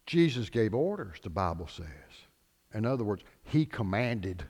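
A man preaching a sermon as pastor, animated, swinging between loud declarations and hushed lines. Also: lowish voice, moderate pace, in a large hall.

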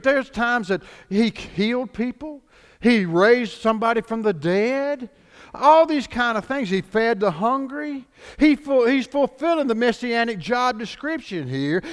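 A man preaching a sermon as pastor, animated, swinging between loud declarations and hushed lines. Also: very high voice, unhurried, long reverb tail.

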